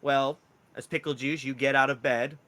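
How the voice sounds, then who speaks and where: Man, dungeon master, casual rambling narration, bright forceful voice. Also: medium pitch, little pitch movement, moderate pace. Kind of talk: narrating a tabletop game.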